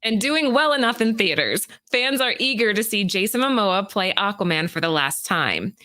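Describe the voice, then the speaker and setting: A woman co-hosting a comic book podcast, reading prepared market rundowns in a steady, informative way and chatting casually. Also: medium pitch, normal speed. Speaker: podcast co-host.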